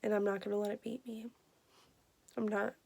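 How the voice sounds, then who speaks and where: A woman in her twenties giving an earnest, emotional personal health update, halting with many fillers. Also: medium pitch, level tone, vocal fry, darkish tone. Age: 20s. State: emotional, near tears. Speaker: vlogger.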